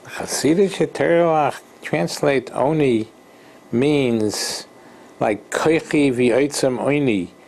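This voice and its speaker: Slow, halting man giving a Torah lesson. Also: medium pitch, vocal fry, darkish tone. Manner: slow, halting, repeats words and restarts; mixes Hebrew and Yiddish-style Torah terms into English. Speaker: Torah teacher.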